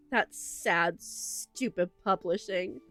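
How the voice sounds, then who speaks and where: A young woman with a fairly low, slightly bright voice streams a game and chats casually with her viewers. She gushes emotionally and uses lots of fillers, sitting close to a desk microphone.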